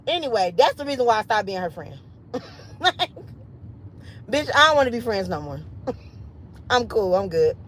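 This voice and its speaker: A woman in her late thirties telling a story on a livestream in an animated, emphatic, foul-mouthed way. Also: on the high side, moderate pace, pauses often, rough recording. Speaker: livestream host.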